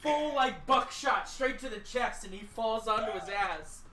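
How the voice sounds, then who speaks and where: A man's voice: high voice, lively intonation, a little slow, music in the background. A man narrating as the game master of a tabletop game, laughing as he goes. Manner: laughing, voices NPCs in short bursts. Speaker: dungeon master. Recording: echoey room with faint noise.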